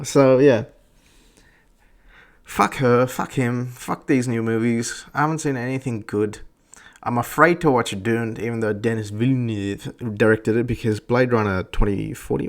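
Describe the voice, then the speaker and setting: A man's voice: mid-range voice, expressive, moderate pace. A man hosting a podcast, ranting crudely and bluntly about movies. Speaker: podcast host. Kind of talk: profane ranting commentary.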